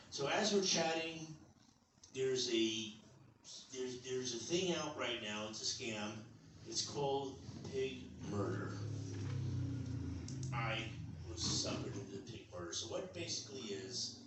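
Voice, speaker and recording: A man's voice: mid-range voice, lively intonation, moderate pace, fairly bright tone. A man in his sixties doing a stand-up comedy set, telling stories in a rambling, conversational way. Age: 60s. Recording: echoey club from far off, audience noise.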